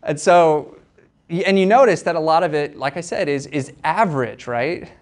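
A man's voice: on the high side, normal speed. A young man giving a casual university lecture in a conversational, hedging way, checking in with frequent tag questions.

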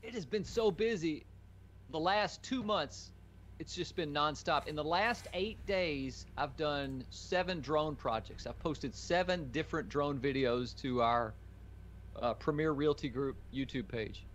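A man's voice: a little high, a little slow, a bit bright, slight background noise. Easygoing man in casual chat. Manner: easygoing, dry humor. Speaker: co-host, drone pilot.

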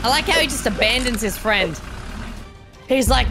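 A woman giving excited, slangy reaction commentary on an animated clip, exclaiming dramatically as events unfold. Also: on the high side, normal speed, pauses often. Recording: music playing behind the voice.

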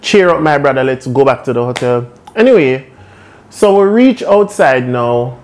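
A young man with a Jamaican accent telling a comic storytime, animated and laughing as he goes. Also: medium pitch, normal speed. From Caribbean. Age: young adult. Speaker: vlogger.

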